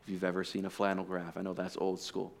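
A pastor preaching a sermon, explaining deliberately and dropping in casual asides to the congregation. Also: male voice, deep voice, monotone, creaky. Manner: deliberate teaching with conversational asides.

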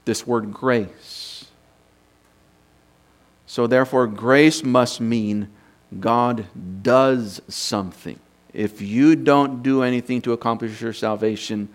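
A man teaching from scripture in an unscripted sermon, thinking aloud and posing rhetorical questions to his listeners. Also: medium pitch. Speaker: preacher teaching doctrine.

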